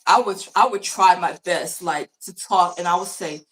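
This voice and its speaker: A woman's voice: on the low side, normal speed, slight background noise. A woman podcast co-host who works as a teacher, chatting casually, repeating words and laughing often. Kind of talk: casual chat. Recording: distant mic.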